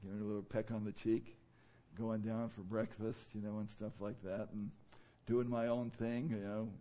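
Guy preaching a sermon, chatty with lots of ums, gets loud and punchy on some lines. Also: fairly low pitch, flat delivery, moderate pace. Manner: conversational, rising to emphatic bursts, frequent fillers. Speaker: pastor.

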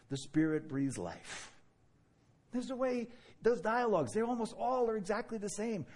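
A man with a New York accent delivers a sermon in a lively, quick way. His voice is husky and sits a little high for a man, and his pitch swings widely as he acts out exchanges. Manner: animated and fast-talking, with laughter and mock dialogue. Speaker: preacher.

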